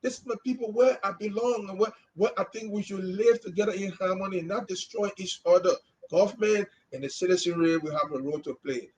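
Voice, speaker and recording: A man's voice: a little high, low-quality recording. A man from Liberia, a former journalist co-hosting a podcast, giving an impassioned opinion and repeating words as he presses his points. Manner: emphatic, repeats words when stressing a point. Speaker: podcast co-host.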